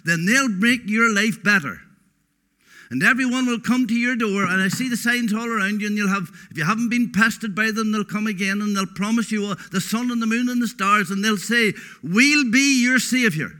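A man's voice: sits high, bright, forceful tone. A man preaching a sermon, emphatic and folksy, repeating words for stress.

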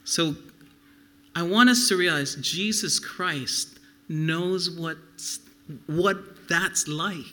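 Bright, high-voiced man preaching slowly. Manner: earnest, conversational preaching with audience questions. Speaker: pastor. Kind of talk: sermon.

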